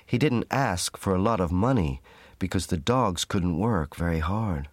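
Male narrator, very deep voice, slow measured storybook reading, dry close sound. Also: animated, no echo. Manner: measured, clear reading for learners.

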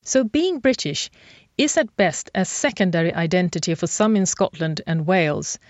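A woman reporter delivering scripted documentary narration in a measured, clear way. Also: lowish voice, sing-song, dry recording. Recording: dry, slightly dull, faint music.

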